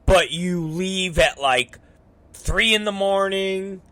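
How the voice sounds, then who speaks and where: A man hosting a talk show, telling a story in a casual, profane, animated way. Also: high-pitched, slow, no room sound. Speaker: show host.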